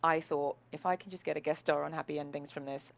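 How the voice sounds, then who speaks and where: A woman from Nigeria with a British accent, a guest actress telling stories in a lively, animated way during a casual interview. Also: low-pitched, fast talker, gravelly.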